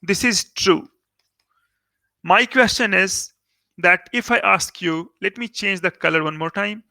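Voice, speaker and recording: A man's voice: high-pitched, measured pace, sharp tone, dry recording. A man with an Indian English accent teaching calculus in a recorded lecture, explaining step by step and repeating key words for emphasis. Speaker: maths teacher.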